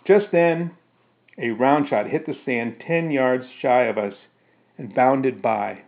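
A man narrates a first-person story in a steady voice of middling pitch, then explains it casually with fillers. The recording is narrow and phone-like. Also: slow. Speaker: storyteller reading his own story.

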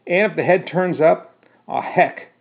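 Man reading as a calm blunt woman soldier, dry and matter of fact, soft low voice, tinny phone sound. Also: a little slow, creaky, slightly rough, heavily acted.

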